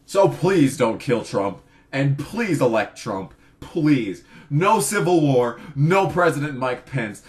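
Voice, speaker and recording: Young man, twenties, profane exasperated vlog rant, animated pitch. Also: slow. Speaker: vlogger. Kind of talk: ranting political vlog.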